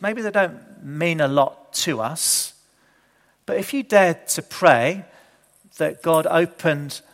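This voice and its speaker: A man delivers a sermon conversationally, putting questions to the congregation. His voice is fairly high and a bit bright, and the recording carries a long hall reverb.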